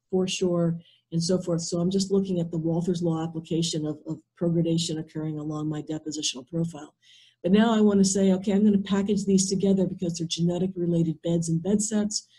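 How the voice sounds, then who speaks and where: A woman presenting in an online workshop, methodically walking through a software demonstration over a video call, thinking aloud step by step. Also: fairly low pitch, breathy edge, poor audio.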